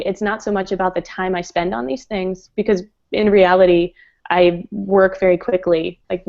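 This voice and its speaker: A woman's voice: on the low side, vocal fry, darkish tone, muffled recording. A woman guest in a casual interview chat, talking in a chatty way with frequent laughs and fillers. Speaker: guest designer.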